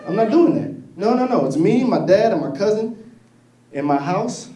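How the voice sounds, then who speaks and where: A man doing a stand-up comedy set, telling stories in a profane, animated way. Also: high-pitched, normal speed. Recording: echoey room, distant mic.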